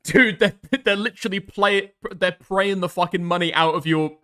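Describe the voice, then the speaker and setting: A man's voice: high voice, moderate pace, bright, forceful tone. Sarcastic, laughing man. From United Kingdom. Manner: sarcastic, laughing, heavy swearing. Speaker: commentary streamer. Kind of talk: casual reaction commentary.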